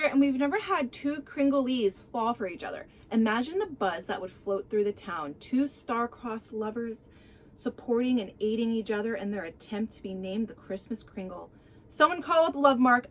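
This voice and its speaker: A woman voicing a gushing, gossipy small-town woman who gets excitable and squealy. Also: a little high, moderate pace, lightly acted. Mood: eager.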